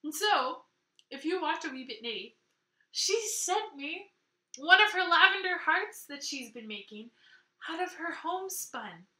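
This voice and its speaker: Bubbly high-voiced woman in an echoey room. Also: moderate pace. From Canada. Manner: excitable, gushing, laughs often. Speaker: knitting podcast host. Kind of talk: casual chat to camera.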